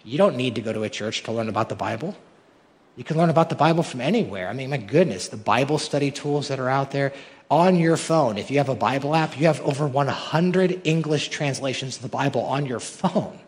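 Male pastor, sermon, rhetorical, building to emphatic peaks, mid pitch, long hall reverb. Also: animated, brisk. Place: large church hall.

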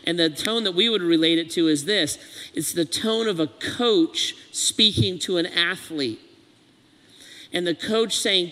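A pastor delivers an earnest, animated sermon. His voice sits high and sounds bright and forceful. A long reverb from the hall trails behind him. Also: a little slow. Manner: earnest, animated preaching with acted quotes.

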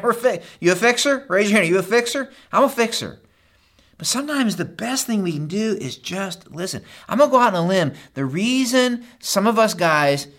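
A preaching man, voice a bit high. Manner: animated preaching, swings from loud urging to hushed asides; talks straight to the men in the crowd. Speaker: pastor. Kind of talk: sermon.

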